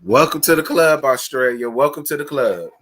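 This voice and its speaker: A man hosting a casual live stream who chats with his viewers in a sassy, blunt and profane way, giving shout-outs and calling for likes. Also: mid-range voice, animated, normal speed.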